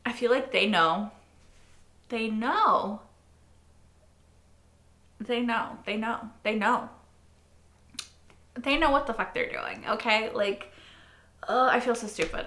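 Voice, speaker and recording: Reaction host, woman, mid pitch, bright edge; animated, swearing, looping phrases; echoey room sound. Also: takes it slowly, long pauses. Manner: animated, swears a lot, repeats phrases in frustration. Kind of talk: casual reaction commentary. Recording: roomy echo.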